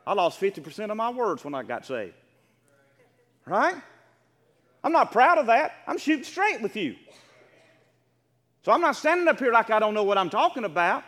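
A man preaching, his voice pitched unusually high and swinging widely. He calls the congregation to answer him and swells into fervent, emphatic cries. A long hall reverb trails every phrase. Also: very animated, normal speed, long pauses. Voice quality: emphatic, rising to fervent shouts. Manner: call-and-response, exhorting the congregation. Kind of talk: sermon.

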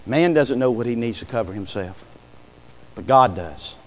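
A man with a medium-pitched, expressive voice preaches at a moderate pace in a folksy style, calling out "Amen" and firing rhetorical questions at the congregation. The recording carries a long hall reverb.

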